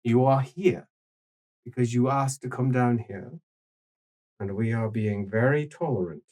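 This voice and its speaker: A man voicing a tall older peacemaker who speaks in a low, measured and restrained way. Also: a little mellow, natural voice, rough recording. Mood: stern.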